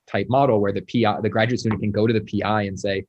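A man with a fairly low voice, talking as a researcher guest. He explains lab work with dry humor and plenty of fillers. The recording sounds slightly dull and lo-fi. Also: fairly even intonation, fast, a little mellow. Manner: explanatory, wry, many fillers. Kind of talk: casual conversation.

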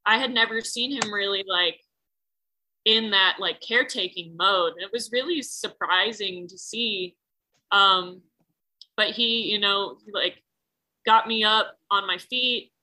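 A woman's voice: mid-range voice, unhurried, sharp tone, rough recording. A woman telling a personal story in casual chat, rambling with lots of fillers and frequent swearing. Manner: rambling, heavy use of "like", swears freely.

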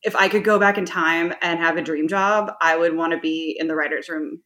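A woman's voice: low-pitched, steady tone, fairly quick, bright, forceful tone, a little hiss or hum. A woman co-hosting a podcast in casual chat, wry and often laughing, with frequent fillers. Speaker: podcast co-host.

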